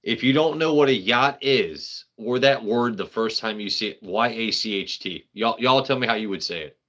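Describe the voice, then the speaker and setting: A man's voice: on the low side, normal speed, fairly bright tone, highs cut off. A man hosting a casual live stream, rambling, joking with his chat and swearing freely. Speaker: livestream host.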